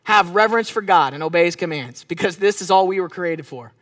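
High, bright-voiced male preacher. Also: fairly quick, no echo, studio quality. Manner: conversational, emphatic, asks audience questions. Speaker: pastor. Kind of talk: sermon.

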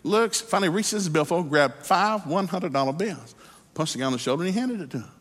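A man's voice: fairly high pitch, expressive, brisk, fairly bright tone. A man preaching a sermon, telling a folksy story and then calling people to prayer, recorded in a church hall. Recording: hall reverb.

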